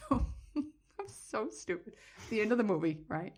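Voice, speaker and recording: A middle-aged woman co-hosting a casual podcast, telling stories in a playful way. She laughs often and drifts between topics. Her voice sits at an ordinary pitch. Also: big pitch swings, measured pace, a little mellow. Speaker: podcast co-host. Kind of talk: casual chat.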